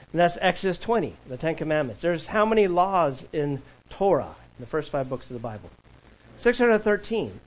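A man's voice: mid-range voice, poor audio. A man preaching a sermon to his congregation, emphatic and asking the church questions to answer back. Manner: emphatic call-and-response preaching. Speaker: pastor.

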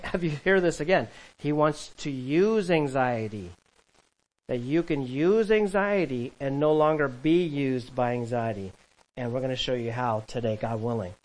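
A man preaching a sermon as pastor, swinging from loud, emphatic calls to quiet asides and chuckling between points. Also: medium pitch, poor audio.

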